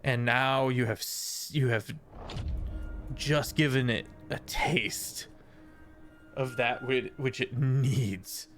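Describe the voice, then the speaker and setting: A man narrating as dungeon master, describing the scene slowly with pauses and fillers, over background music. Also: medium pitch, a bit bright. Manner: slow, halting descriptive narration. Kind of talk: narrating a tabletop game. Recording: game music playing behind.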